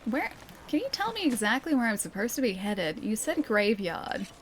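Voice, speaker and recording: A woman's voice: fairly high pitch, very animated, normal speed, slight background noise. A woman with an Australian Melbourne accent, chatting casually with viewers while playing a game, laughing often. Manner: chatty, giggly, talks to chat. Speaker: streamer. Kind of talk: casual gameplay chat.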